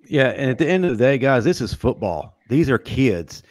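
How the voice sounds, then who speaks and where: Firm podcast host with a dry, close sound. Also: male voice, medium pitch, big pitch swings, normal speed, dry recording. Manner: firm and direct, hands the floor to others. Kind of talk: casual sports talk.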